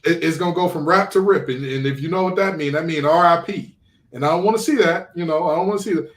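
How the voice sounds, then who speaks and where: A man hosting a casual podcast, ranting in an animated, incredulous way. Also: fairly high pitch, quick pace. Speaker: podcast host. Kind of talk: casual sports podcast chat. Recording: roomy echo.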